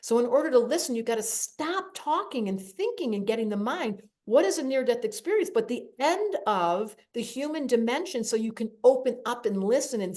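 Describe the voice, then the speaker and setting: Animated higher-voiced woman hosting an interview. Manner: animated, emotional storytelling. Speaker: podcast host. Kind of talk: conversational interview.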